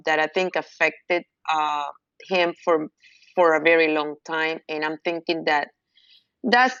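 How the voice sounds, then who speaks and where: A woman guest on an interview show, answering in a hesitant way with many pauses. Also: fairly low pitch, a bit bright, no room sound, dull audio. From United States. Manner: hesitant, many fillers and restarts.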